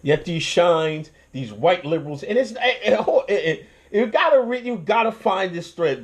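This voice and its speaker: Profane, ranting man with a higher voice. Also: normal speed, few pauses. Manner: profane, animated ranting with restarts and laughs. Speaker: commentary channel host. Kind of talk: casual commentary.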